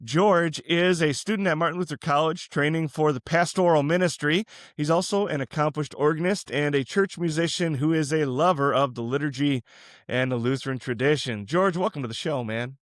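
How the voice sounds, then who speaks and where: A man hosting a Christian podcast, talking in a relaxed, chatty way and musing aloud with restarts. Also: a little high, brisk, no room sound, clean studio sound. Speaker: podcast host. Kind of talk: casual Christian podcast interview.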